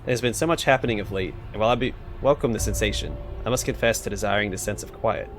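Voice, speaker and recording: A man doing a sultry skull, languorous, bored, low-pitched, faint music behind. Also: quick pace, lightly acted. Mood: languid. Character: languid, bored talking skull of a pleasure-seeker.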